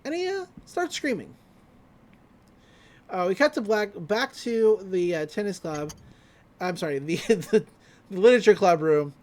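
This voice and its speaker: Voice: medium pitch, expressive, measured pace, long pauses, a little mellow. A podcast host casually recapping an anime episode, rambling with lots of fillers and swearing freely. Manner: rambling, profane, frequent fillers.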